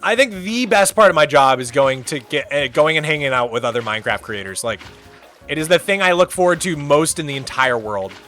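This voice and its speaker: A young man chatting casually on a live stream, animated and given to playful rants. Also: on the high side, faint music behind. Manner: animated, ranting, quick to exaggerate.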